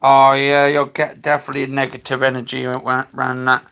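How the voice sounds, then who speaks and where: A man hosting a paranormal livestream in a casual, halting way, spelling out letters one at a time. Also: mid-range voice, monotone, gravelly, a bit bright, clean tone.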